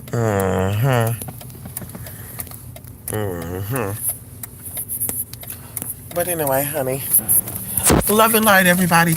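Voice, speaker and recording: A man's voice: high-pitched, noisy background. A man live-streaming from his car, chatty and flamboyant, calling everyone honey, swearing freely and gushing. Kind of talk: casual live-stream chat while driving. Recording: loud music over the voice. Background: loud music.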